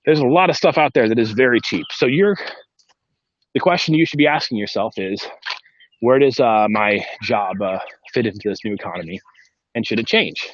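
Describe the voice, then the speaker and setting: A man's voice: mid-range voice, moderate pace, no echo, highs cut off. A man hosting a casual live-stream podcast from inside a vehicle, chatting in a rambling way and talking to his kids between points. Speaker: podcast host.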